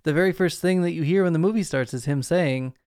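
A man's voice: a little high, fast, darkish tone, clear, resonant tone, dry recording, studio quality. A man hosting a casual movie-review podcast, talking eagerly and at length. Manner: eager, talkative, explains at length. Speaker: podcast host.

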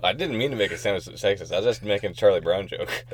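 A man's voice: on the low side, animated, fast talker, slight background noise. A young man co-hosting a casual podcast, telling jokes and laughing often as he talks. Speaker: podcast co-host.

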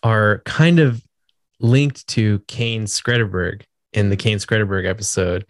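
A man's voice: fairly low pitch, unhurried, no echo, studio quality. A man in a casual podcast chat, enthusiastic and rambling, swearing casually. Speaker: podcast co-host or guest.

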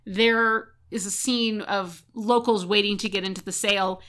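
A woman with a bright, sharp voice walks through a book's plot for her co-host. She talks in a casual, chatty way and fills gaps with "um" as she goes. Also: mid-range voice, steady tone, moderate pace. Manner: retells plot at length with frequent "um" fillers. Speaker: podcast co-host. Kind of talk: casual book recap chat.

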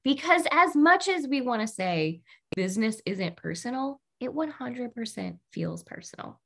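A woman hosting a casual workplace podcast, telling stories and acting out what people said. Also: a little high. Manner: animated storyteller, acts out quotes. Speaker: podcast host.

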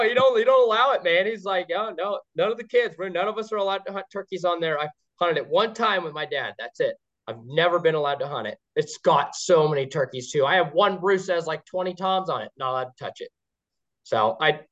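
A man, a guest on a podcast, telling stories in an excited, rambling way with many restarts. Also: high voice, fairly quick. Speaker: guest, game caller. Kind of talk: casual podcast chat. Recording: dull lo-fi sound.

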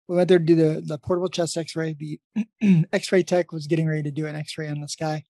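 A man's voice: a little high, flat delivery, fairly quick, dark tone, no echo. A man who is a nurse and podcast host, telling a long story in a casual, rambling way with many restarts.

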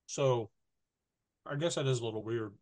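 A woman from North Alabama co-hosting a podcast in casual chat, hesitant and quick to laugh. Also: very deep voice. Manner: hesitant, lively, laughs easily. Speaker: podcast co-host.

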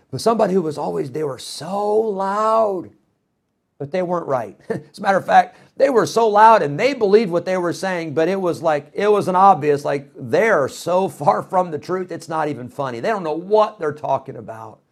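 A middle-aged man preaching a sermon in a folksy, animated way, with frequent fillers and restarts. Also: mid-range voice.

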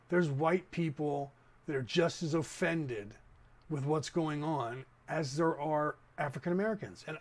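Man, 50s, raised in the Bay Area; podcast host, loose rambling monologue, slightly raised pitch. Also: darkish tone. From San Francisco Bay Area. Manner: rambling, talks straight to listeners with asides. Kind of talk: casual opinion monologue.

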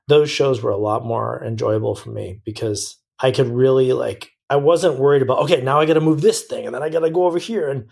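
A man talking frankly as a guest on a casual podcast, rambling through long answers that restart and correct themselves mid-thought. His voice is gravelly and husky, set at an ordinary male pitch. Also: darkish tone. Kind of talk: casual interview chat.

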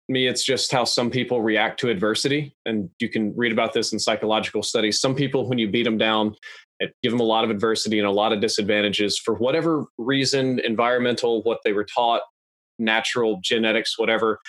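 A young adult man talking in a measured, analytical, plain-spoken way as a podcast guest. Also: fairly low pitch, a bit bright, no echo. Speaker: guest YouTuber. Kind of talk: casual podcast interview. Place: podcast studio.

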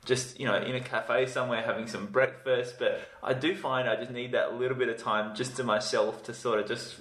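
Fast-talking man, upbeat. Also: mid-range voice, steady tone, a bit bright. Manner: enthusiastic, uses lots of "like" and "you know". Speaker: podcast co-host. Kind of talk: casual chat. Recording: roomy echo.

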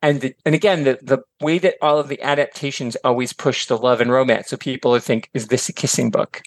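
Male podcast guest, mid-pitched, talkative and digressive, casual swearing, dry close sound. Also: steady tone, fairly quick, no echo. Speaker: podcast guest, author and teacher. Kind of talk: casual chat.

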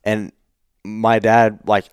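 A young man with a smooth, clear, slightly low voice tells quick, animated stories in casual chat. The sound is dry and close, with no room around it. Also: no room sound. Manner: quick, animated storytelling with acted-out quotes. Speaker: elk caller, works in a shop.

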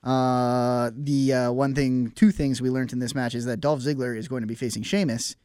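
A man co-hosting a podcast, chatting casually about wrestling with quick, wry asides and some swearing. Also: mid-range voice, steady tone, darkish tone, clear, resonant tone, dry recording, studio quality. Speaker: podcast co-host.

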